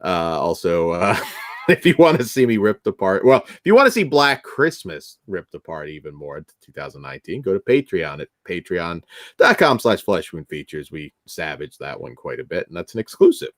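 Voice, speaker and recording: A man co-hosting a podcast, relaxed as he plugs the channel in casual chat. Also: deep voice, normal speed, no room sound, clean studio sound. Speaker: podcast co-host.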